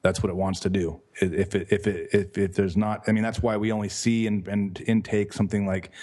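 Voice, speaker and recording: A man's voice: fairly low pitch, level tone, fairly quick, a little mellow. A man speaking as a podcast guest, chatting casually in a rambling way and swearing freely. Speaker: guest, author.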